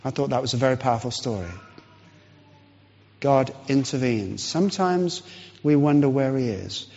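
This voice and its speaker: Husky preacher in an echoing hall. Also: male voice, mid-range voice. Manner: storytelling, pauses and restarts, lively rise and fall. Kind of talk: sermon. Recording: dull lo-fi sound in long hall reverb.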